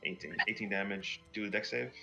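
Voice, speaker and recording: A man narrating a tabletop game as dungeon master, often laughing and pausing with fillers. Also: fairly low pitch, fairly even intonation, vocal fry. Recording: soft music behind.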